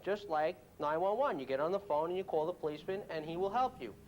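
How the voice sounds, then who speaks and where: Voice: mid-range voice, expressive, quick pace, darkish tone, dull audio. A presenter in an archive video patiently teaching a child about safety with leading questions. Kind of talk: instructional talk to a child.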